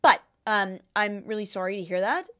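A woman's voice: medium pitch, moderate pace, a bit bright. A young woman hosting a podcast, reading out listener questions and giving casual, jokey advice full of fillers and asides.

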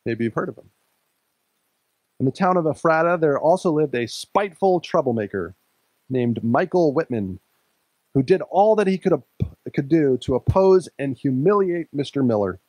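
A man's voice: on the high side, lively intonation, normal speed, darkish tone, no echo, rough recording. A male pastor preaching a sermon in a conversational way, laughing lightly now and then.

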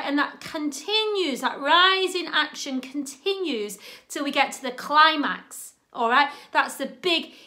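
Brief: woman, drama teacher, high bright voice, chatty and animated. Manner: chatty, animated, checks in with "okay?". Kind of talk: instructional talk.

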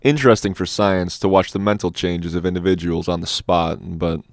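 Eccentric old doctor, calm and clinical, low voice, dry close sound, read by a man. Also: brisk, dry recording. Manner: quizzical, clinical, matter-of-fact. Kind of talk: audiobook character reading.

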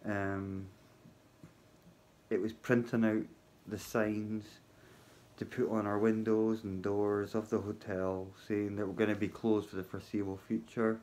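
Low, slow-talking man vlogging. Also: level tone, darkish tone. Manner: halting, many ums, wry humour. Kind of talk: casual spoken vlog. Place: hotel workplace at night.

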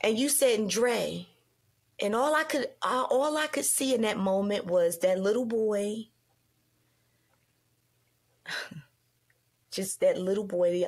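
Middle-aged woman host, lively storyteller, jumps high when quoting others. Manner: animated, acts out quoted dialogue with big pitch jumps. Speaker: podcast host. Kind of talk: casual storytelling conversation.

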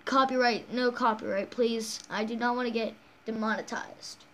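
A woman's voice: fairly high pitch, fairly even intonation, moderate pace, a bit bright. A woman hosting a casual game walkthrough, rambling along with frequent restarts and self-corrections. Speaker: game channel host.

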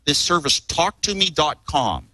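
A man's voice: fairly high pitch, big pitch swings, a little slow, sharp tone, no room sound, rough recording. A man, a guest on a talk show, telling stories casually in a rambling way, chuckling and repeating words as he goes. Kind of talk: casual storytelling.

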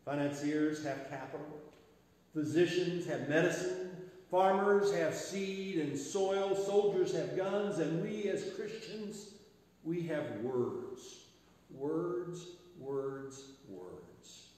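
A man's voice: on the high side, takes it slowly. Guy preaching a sermon in a church with loads of echo, repeats words, voice drops off at the ends. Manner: rhythmic repetition, quiet trailing phrase ends. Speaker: pastor. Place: church sanctuary. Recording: echoey church sanctuary with long reverb.

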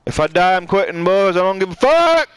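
A man's voice: high-pitched, big pitch swings, a little fast, fairly bright tone, clear, resonant tone, dry recording, rough recording. A young man giving crude, boastful, profane commentary while playing a game, often breaking into rapping. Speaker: gamer. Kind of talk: casual gameplay commentary.

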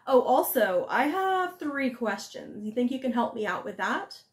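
A woman's voice: on the high side, very animated, unhurried. A woman voicing a polite, earnest young man on a quest, in a storybook telling. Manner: earnest, asking. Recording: echoey room.

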